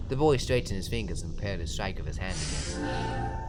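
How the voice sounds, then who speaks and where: A young man giving casual let's play commentary, loud and joking, swearing and laughing often. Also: deep voice, animated, brisk, over music.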